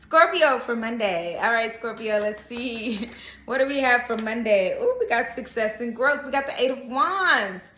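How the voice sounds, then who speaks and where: A woman talks through a casual tarot reading in a bright, slightly high voice. She speaks in a chatty, reassuring way and keeps checking in with the listener. The room around her is echoey. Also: expressive, a little slow, a little hiss or hum. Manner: chatty, reassuring, frequent "okay?" check-ins. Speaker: tarot reader. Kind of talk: casual spiritual reading to camera.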